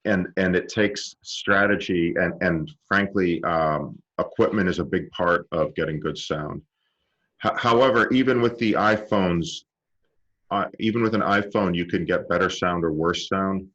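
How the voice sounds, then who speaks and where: A man teaching an online film class, explaining with live demonstrations and halting restarts, speaking into a directional microphone. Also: low-pitched, fairly bright tone, lo-fi sound. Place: room with a cluttered table.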